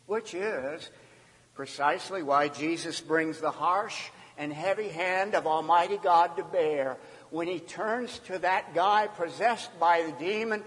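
Male pastor, measured, deliberate sermon delivery with emphatic loud-to-hushed swings, long hall reverb. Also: fairly high pitch.

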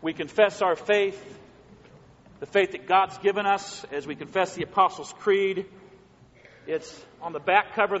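A man's voice: high-pitched, unhurried, long pauses, a bit bright. A male pastor preaching a sermon in a church, folksy and repetitive, building up to rhythmic lists. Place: church sanctuary. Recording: long hall reverb, dull lo-fi sound.

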